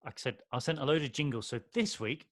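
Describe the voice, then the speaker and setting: A man's voice: mid-range voice, lively intonation, fast talker, fairly bright tone, no echo. Man, podcast co-host, casual banter, playful, teasing, dry voice. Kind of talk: casual chat.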